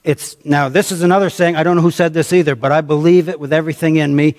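American male pastor, slightly high voice, conversational sermon, long church-hall reverb. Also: fairly even intonation, fast talker, darkish tone. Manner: conversational preaching, calls on the congregation, repeats phrases for emphasis. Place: church sanctuary.

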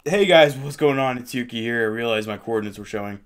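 A young man with a cold hosting a casual gameplay commentary, chatty and excitable, rambling as he goes. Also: medium pitch, fast, smooth. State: has a cold, sniffling. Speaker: gaming channel host. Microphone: desktop mic with face cam.

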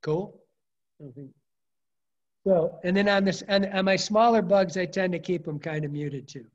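A man's voice: high voice, moderate pace. A middle-aged man teaching fly fishing, telling rambling, colorful stories full of restarts and the odd curse word. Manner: rambling, colorful storyteller with frequent restarts and mild swearing. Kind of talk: casual presentation with anecdotes. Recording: dull lo-fi talk recording.

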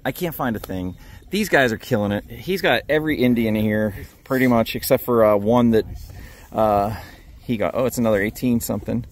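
A man's voice: lowish voice, moderate pace, a little hiss or hum. Upbeat man narrating a dig outdoors. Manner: upbeat, cheering on his friends. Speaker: metal detecting vlog host. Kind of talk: casual on-the-spot narration.

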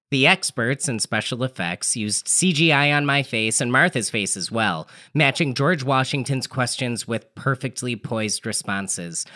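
A man's voice: medium pitch, bright, forceful tone. A man telling an absurd comedic story in a dry, matter-of-fact manner. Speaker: narrator.

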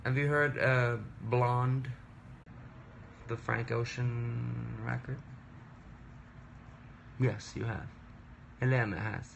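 A man's voice: mid-range voice, fairly even intonation, takes it slowly, creaky, long pauses, slight background noise. Chatty man rambling on a phone livestream. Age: 30s. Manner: rambling, self-interrupting, playful and chatty. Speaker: musician livestreaming. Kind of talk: casual livestream chat. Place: home work desk.

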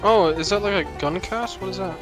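A man with a high voice jokes with a friend over a shared game. His talk is casual and teasing, and game music runs clearly beneath it. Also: fairly quick. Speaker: co-player friend. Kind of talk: casual gaming chat.

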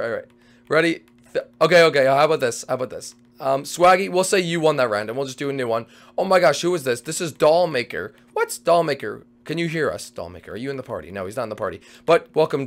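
A young man hosting a Minecraft race role-play, excitable and shouty, switching between characters. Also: medium pitch, gravelly. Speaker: game host.

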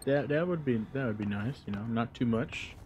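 A man's voice: mid-range voice, moderate pace, noisy background. A young man streaming a game, talking to himself in a rambling, jokey, profane way. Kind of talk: casual gaming commentary.

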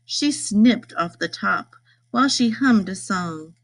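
A woman reading a rhyming picture book aloud, in a lively sing-song way. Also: mid-range voice, slow pace. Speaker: storybook reader.

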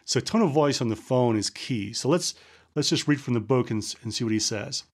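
A middle-aged man hosts a solo podcast in a Scottish accent that has drifted toward American. He talks quickly, sometimes runs words together, and sits at a typical male pitch. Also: a little mellow. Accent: Scottish-American, faded Scottish. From Scotland. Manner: quick talker who sometimes mumbles words. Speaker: podcast host.

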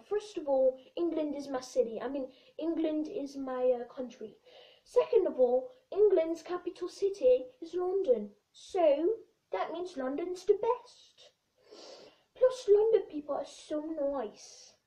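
A woman's voice: high-pitched, warm tone, distant mic, poor audio. A woman voicing a cocky London man who brags and rambles. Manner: boastful, rambling. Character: cocky boastful London man bragging about his city.

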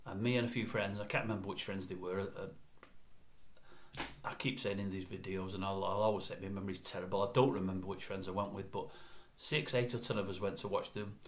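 A man rambles through old memories and keeps correcting himself as he talks. His voice sits a little low. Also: fairly even intonation, brisk, slight background noise. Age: 60s. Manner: chatty, meandering, self-correcting. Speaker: vlogger. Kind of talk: rambling reminiscence.

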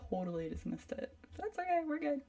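A woman's voice: high-pitched, big pitch swings, fairly quick, mellow, recorded from a distance. A woman teaching a live painting demo at her desk, chatting and rambling to herself as she works. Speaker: art instructor.

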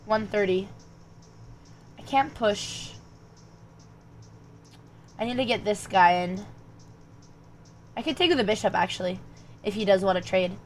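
Unhurried and pausing often, a young woman with a mid-range voice thinks aloud while playing chess online, slight background noise behind her. She mutters calculations, then breaks off to chat animatedly with viewers.

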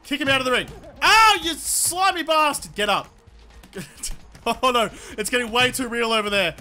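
Young man, gaming commentary, yelling, swearing, sharp tone, high pitch. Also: brisk, soft background music. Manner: loud, excitable, swears and yells often. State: sore throat from yelling. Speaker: gaming YouTuber. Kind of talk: let's play commentary. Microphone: desk microphone.

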